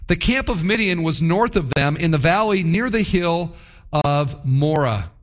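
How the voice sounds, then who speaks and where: A man preaching a sermon, reading scripture and retelling the story with lively, acted-out asides. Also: fairly high pitch, unhurried. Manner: lively storytelling, acts out voices of the people in the story. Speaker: pastor. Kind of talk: sermon, Bible teaching.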